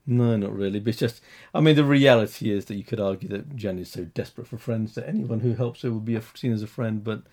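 A man co-hosting a talk show, giving halting, critical opinions with many restarts. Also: fairly low pitch, a little mellow. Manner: halting, restarts, rising when frustrated. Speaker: podcast co-host. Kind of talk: casual critical discussion.

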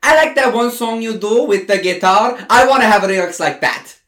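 A man's voice: sits high, normal speed, a bit bright, voice pushed up. A man putting on a tearful young woman singer. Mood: affected. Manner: tearful, apologetic. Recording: roomy echo.

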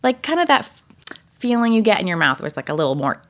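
This is a young woman's voice, medium-pitched and quick, co-hosting a podcast in casual conversation. Her explanations are lively and loaded with fillers.

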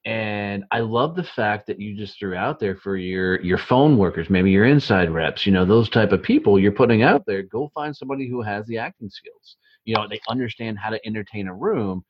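Middle-aged guy hosting a podcast, low husky voice, lots of you-knows, dull lo-fi audio. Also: lively intonation, moderate pace, hardly any pauses. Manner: enthusiastic, filler-heavy, laughs often. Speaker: host. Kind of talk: podcast interview.

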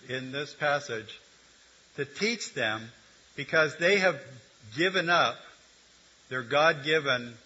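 An older man preaches in a loose, conversational way, mixing teaching with jokes and asides to the congregation. His voice is strikingly bright with a husky edge. The recording sounds dull and lo-fi. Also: medium pitch. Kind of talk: sermon.

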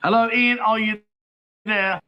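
A middle-aged man runs a casual livestream outdoors in Pattaya, chatting warmly, laughing, and reading out comments from viewers. He speaks in a high, steady voice at an unhurried pace, and the recording sounds muffled.

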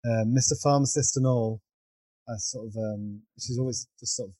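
A man's voice: medium pitch, fairly even intonation, a little fast, dark tone, no echo. A man chatting casually on a podcast, hesitant and correcting himself as he talks. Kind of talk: casual chat.

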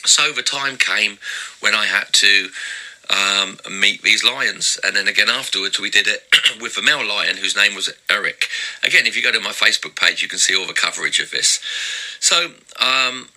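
Guy with a gravelly voice, lower pitch, chatty funny storytelling on his podcast. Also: moderate pace, bright, forceful tone, low-quality recording. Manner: chatty and humorous, with many fillers. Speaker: podcast host and Christian minister.

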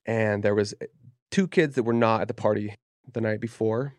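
A man's voice: lowish voice, normal speed, dry recording, clean studio sound. A man from Utah, a podcast guest, telling a personal story in a candid, profane, casual way with plenty of "you know" and "dude.". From Utah, USA. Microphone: podcast studio mic.

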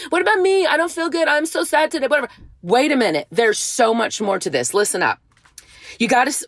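A woman's voice: medium pitch, no echo. A woman giving an earnest, emotional devotional talk, reading scripture and urging her listeners on. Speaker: faith speaker.

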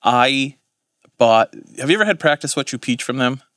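A man's voice: mid-range voice, animated, normal speed, fairly bright tone, dry recording, clean studio sound. Rambling, swearing New man. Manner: rambling, swears, self-correcting. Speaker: podcast co-host. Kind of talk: casual chat.

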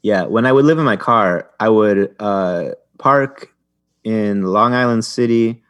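A man's voice: on the low side, a little slow, a bit bright, no room sound. A young man telling stories in a rambling way as a podcast guest, with many restarts and fillers. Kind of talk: casual chat.

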